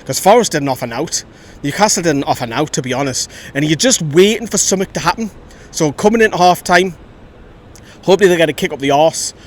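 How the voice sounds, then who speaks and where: A man giving a chatty, opinionated post-match reaction as host of a fan channel, filmed outdoors by a road. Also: fast. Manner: chatty, opinionated, lively storytelling. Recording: faint traffic rumble outside.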